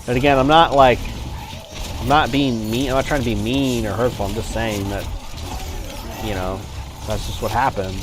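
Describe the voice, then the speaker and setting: A man's voice: medium pitch, fairly even intonation, normal speed, pauses often, background noise. A man livestreaming a game, chatting casually and rambling between reactions to the play. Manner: rambling, many fillers and restarts, reacts to gameplay. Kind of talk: casual chat while gaming.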